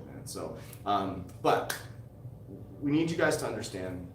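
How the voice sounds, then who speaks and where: A man who is a motivational coach and host, talking in an emphatic, repetitive storytelling manner on a podcast. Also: low voice. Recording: echoey room, distant mic, background noise.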